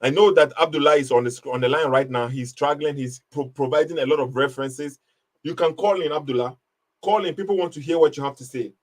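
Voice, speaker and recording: A fast-talking man with a fairly high voice hosts a live online debate, speaking emphatically and mocking a caller's argument in casual commentary.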